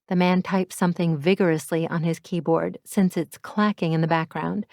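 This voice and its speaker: A woman's voice: on the low side, moderate pace, creaky, few pauses, warm tone, no room sound, studio quality. A woman narrating a romance audiobook in the first person, candid and wryly self-deprecating.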